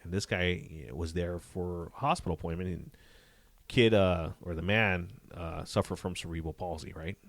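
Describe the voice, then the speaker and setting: A man, a police detective, telling a story in a casual interview, animated and full of "you know" fillers. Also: low-pitched, normal speed, dry recording.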